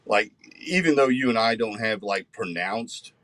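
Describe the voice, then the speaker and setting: A man, co-hosting a podcast in animated, emphatic casual chat. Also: fairly low pitch, measured pace, no room sound. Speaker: podcast co-host.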